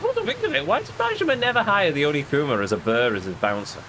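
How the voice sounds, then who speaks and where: A man's voice: a little high, huge pitch swings, fast talker, creaky, a bit bright, a little hiss or hum. A man doing casual, rambling gameplay commentary with wry grumbles. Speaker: let's play host. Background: game music.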